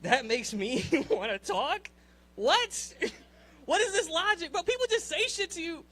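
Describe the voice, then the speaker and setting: Bright-voiced, animated young man doing stand-up. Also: very high-pitched, measured pace. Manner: profane, animated, incredulous rants with frequent laughs. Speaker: stand-up comedian. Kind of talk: stand-up set at an open mic.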